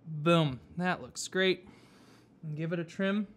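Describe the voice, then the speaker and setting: A man teaching whipmaking, explaining each step patiently with frequent pauses and fillers. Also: fairly high pitch, a little hiss or hum. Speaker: whipmaking instructor. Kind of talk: hands-on craft tutorial. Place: workshop.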